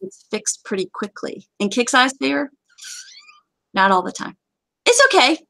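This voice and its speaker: A woman's voice: medium pitch, moderate pace, gravelly, pushed and bright, no room sound. A woman hosting a casual gaming chat, talking in a chatty, joking way with sudden exclamations. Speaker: game community host.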